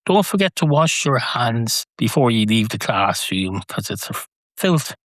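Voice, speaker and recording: A man's voice: medium pitch, very animated, a little slow, fairly bright tone, no echo, clean studio sound. A man voicing a fussy, prim female schoolteacher with a prissy, scolding manner.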